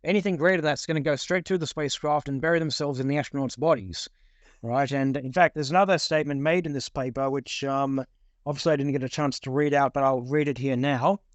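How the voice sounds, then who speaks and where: A man's voice: medium pitch, fast talker, no room sound. A man in casual discussion, rambling with many repeated words and fillers while reading out passages.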